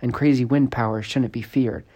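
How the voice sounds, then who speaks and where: A man's voice: medium pitch, steady tone, moderate pace, warm tone, close to an everyday voice. A man reading a storybook aloud, voicing an anxious, doubtful young hero who mutters his replies.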